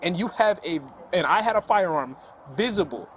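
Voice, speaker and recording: A male police officer questioning a man outdoors in a firm, measured way, reasoning step by step, on body camera audio. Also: high voice, expressive, slight background noise. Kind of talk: calm questioning on bodycam. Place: outdoors in an apartment complex.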